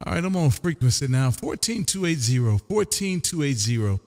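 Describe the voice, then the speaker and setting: A man from Texas hosting a ham radio livestream from his home radio room, loud, drawling out his call sign in a sing-song way and chatting with callers. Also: fairly high pitch, sing-song, brisk, big-room sound, very noisy. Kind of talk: ham radio calling and chat.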